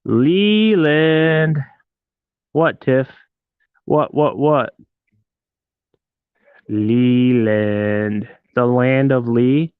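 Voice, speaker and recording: Slow and steady, a medium-pitched man from Detroit chats casually on a live stream, cracking jokes, wandering off topic, and ribbing his audience. His tone is clean, and the sound is dry and phone-like, without echo.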